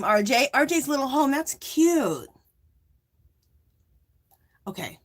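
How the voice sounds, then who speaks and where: Middle-aged female livestream host, casual and rambling, voice on the higher side. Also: measured pace, long pauses. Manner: rambling, animated storytelling.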